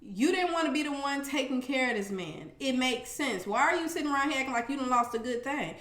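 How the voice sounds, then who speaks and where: Sassy high-voiced woman in an echoey room. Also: lively intonation, a little fast, a bit bright. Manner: sassy, blunt, swears, talks to viewers. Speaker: reality TV recap vlogger. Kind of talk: casual recap commentary. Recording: roomy echo.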